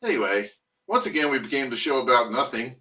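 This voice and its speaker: South jersey guy hosting a sports chat, bright lively voice, a bit off mic. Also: mid-range voice, quick pace, recorded from a distance, poor audio. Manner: animated storyteller, mimics accents. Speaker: podcast host. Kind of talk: casual sports talk.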